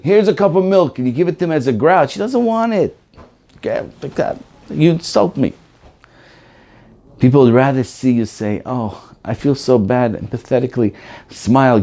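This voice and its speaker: Lively man telling a sermon story. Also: medium pitch. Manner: animated, acts out voices in his stories. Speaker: rabbi.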